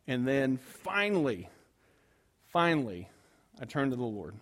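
A man's voice: medium pitch, unhurried. A man preaching to his congregation, telling a story with humor and acting out his own panic. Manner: animated, acts out his own frantic panic; self-deprecating humor with the congregation. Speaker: pastor. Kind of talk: storytelling sermon.

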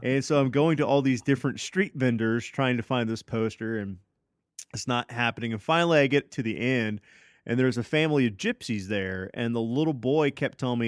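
A man's voice: medium pitch, fairly quick, dry recording, clean studio sound. A man casually telling a long story on a podcast, swearing freely and filling gaps with "uh" and "like". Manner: loose and profane, full of fillers and restarts. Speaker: podcast co-host.

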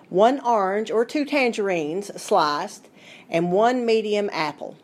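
A middle-aged woman with a Southern Appalachian accent, a food writer presenting a recipe in a chatty, homespun, playful way. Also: medium pitch. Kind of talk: scripted radio segment.

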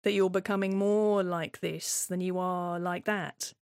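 Slow, wry woman telling her story. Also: on the low side, flat delivery, darkish tone, smooth, no room sound, studio quality. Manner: wry, reflective, conversational. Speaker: writer-performer of a monologue. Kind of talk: scripted first-person monologue.

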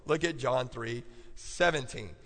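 A man's voice: mid-range voice, unhurried, fairly bright tone. A male pastor preaching a sermon, calling out to the congregation and repeating key points for them to write down. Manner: call-and-response preaching, repeating points for note-taking. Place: church. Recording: long church hall reverb.

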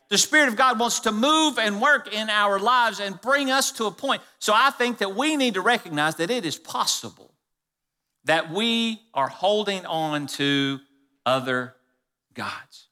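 A man preaching a sermon as pastor to his church, stressing key phrases by slowing down and dropping low. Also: expressive, pushed and bright. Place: church sanctuary. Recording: long reverb of a church hall.

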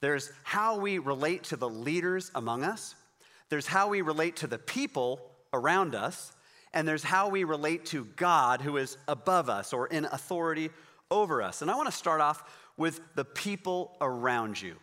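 A man's voice: on the high side, animated, normal speed, bright, forceful tone, in a large hall. A man preaching a sermon in a conversational, encouraging way, reading scripture and explaining it. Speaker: pastor.

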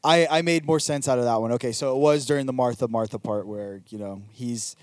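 A man's voice: medium pitch, fairly quick, darkish tone, dry recording, studio quality. A young man co-hosting a casual podcast chat, joking, laughing and swearing a lot. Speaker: podcast co-host.

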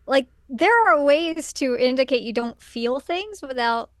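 A woman's voice: high-pitched, expressive, measured pace, no echo, studio quality. A young woman co-hosting a casual podcast, making wry jokes about an episode. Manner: wry, joking, laughs often. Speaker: podcast co-host. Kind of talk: casual recap chat.

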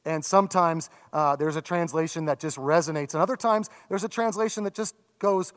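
A man in his thirties or forties, a pastor giving a sermon in a conversational, self-deprecating way with animated asides. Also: high-pitched, moderate pace. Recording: long reverb from a large hall.

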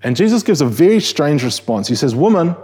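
A man's voice: a little high, very animated, fairly quick, a little mellow, slightly rough. A man with a New Zealand accent preaching a sermon in a conversational way, often restarting phrases and asking rhetorical questions.

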